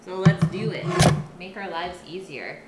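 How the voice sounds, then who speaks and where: Slow-talking woman live-streaming her cooking. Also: fairly low pitch, heavy background noise. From Canada. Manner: chatty, reads and answers viewer chat while cooking. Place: home kitchen. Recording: echoey kitchen with loud clatter. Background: clattering pots, pans and dishes.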